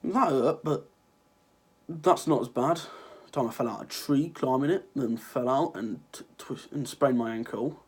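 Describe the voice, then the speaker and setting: A teenage lad from Ireland vlogs a casual rant, sniffling from a cold as he rambles sarcastically and swears freely at his viewers. His mid-range voice is slightly rough and keeps a measured pace.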